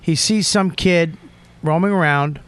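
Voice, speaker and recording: A man hosting a podcast, telling a heated story in a profane, emphatic way that keeps swinging into shouting. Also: on the high side, measured pace, clear, resonant tone. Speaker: podcast host.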